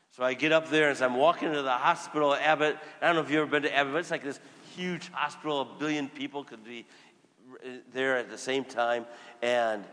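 A male Catholic priest with a mid-range, steady, slightly bright voice preaches briskly in a church with long reverb. He tells a story conversationally, giving voice to the people in it with quoted lines.

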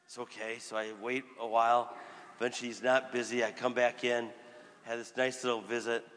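In a reverberant church, a male Catholic priest gives a sermon in a level, mid-range voice with a slight brightness, moving at a fairly quick pace. He relates a story in a chatty way, quoting and voicing the people involved.

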